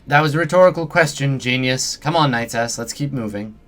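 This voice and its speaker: A man's voice: mid-range voice, brisk, a bit bright, lightly acted. A man voicing an impatient, exasperated male fixer with a sarcastic manner. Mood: irritated. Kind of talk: reading game dialogue aloud.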